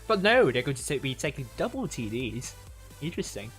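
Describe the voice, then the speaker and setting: A man's voice: medium pitch, very animated, fairly bright tone, soft background music. Rambling man casting a livestream. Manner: rambling, halting, many fillers and restarts. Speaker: stream caster. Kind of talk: live esports commentary.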